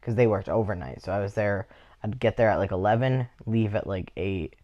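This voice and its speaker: A man with a fairly low voice, telling a story in a relaxed way on a casual podcast. He speaks unhurriedly and keeps things conversational. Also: a little fast, highs cut off. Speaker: podcast co-host. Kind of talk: casual chat.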